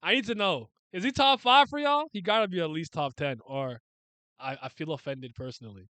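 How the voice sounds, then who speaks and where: A young man and manga scanlator reading a manga aloud and reacting in a casual, excitable, slangy way. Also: fairly high pitch, brisk, clean tone, no echo. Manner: excitable, animated, laughs a lot, slangy.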